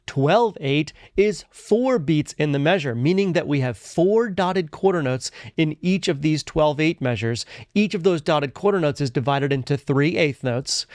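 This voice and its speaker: A man's voice: a little high, darkish tone, no room sound, clean studio sound. A man teaching a music lesson, explaining things methodically and step by step. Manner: methodical explaining, chants rhythm syllables. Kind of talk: instructional video lesson.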